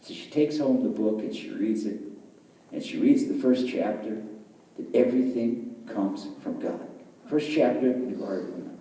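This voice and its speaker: A man telling a story in a sermon, animated, acting out the characters' voices as he goes. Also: mid-range voice, a little slow, a little hiss or hum. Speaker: rabbi giving a lecture. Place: large lecture hall. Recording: echoey hall, speaker far from mic.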